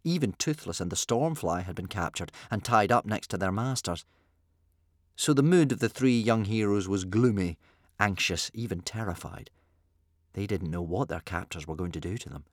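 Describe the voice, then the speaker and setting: A male narrator reads a children's adventure book with playful expression. His voice moves widely up and down in pitch, and the recording is dry, close and free of room sound. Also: no echo. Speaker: audiobook narrator. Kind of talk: scripted storybook narration.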